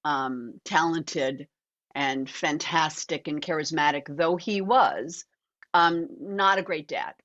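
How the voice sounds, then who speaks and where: An older woman, a guest actor and author, telling animated, reflective stories in a conversational interview over a video call. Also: low voice, slow pace, dull audio.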